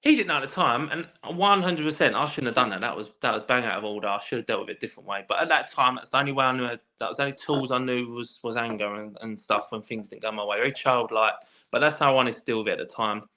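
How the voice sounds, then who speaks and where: Male guest, rapid animated storyteller, bright forceful tone, swears a lot. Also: mid-range voice. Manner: animated storyteller, swears freely, many restarts. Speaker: guest, former footballer. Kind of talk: casual podcast chat.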